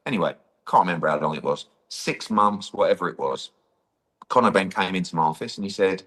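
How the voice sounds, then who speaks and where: Animated man, low voice. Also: fairly quick. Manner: animated, acts out quoted dialogue, says "blah, blah, blah". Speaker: boxing promoter. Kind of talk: interview storytelling.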